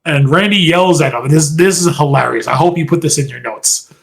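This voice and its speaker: A man's voice: fairly high pitch, fairly quick, creaky. A man co-hosting a podcast in casual chat, animatedly retelling events and acting out quotes in a raised voice. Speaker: podcast co-host.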